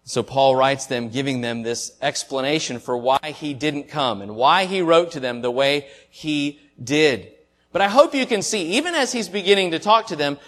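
A man preaching a sermon as pastor, speaking earnestly and from the heart, his voice swelling and falling in loudness. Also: on the high side. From Southern United States.

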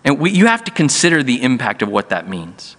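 A man's voice: mid-range voice, wildly swooping pitch, a little fast, a bit bright. A man preaching a sermon as pastor, earnest and often restarting words mid-phrase. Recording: echoey hall.

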